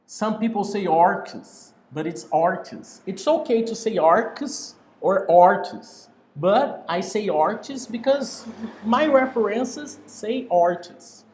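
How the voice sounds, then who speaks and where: A man's voice: sits high, animated, slow pace, a little mellow, roomy sound. A man teaching an online English class over a video call, patiently repeating key words.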